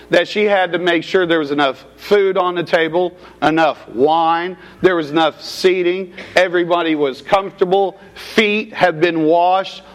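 A man preaching an expository sermon, asking rhetorical questions and addressing the congregation as folks. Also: fairly high pitch. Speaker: pastor.

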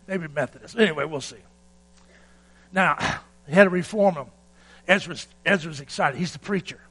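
Bright-voiced folksy preacher, man. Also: on the high side, normal speed, pauses often, husky, faint music behind, rough recording. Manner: folksy storytelling preacher who builds to shouting climaxes; calls for amen from the congregation. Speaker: pastor. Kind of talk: sermon.

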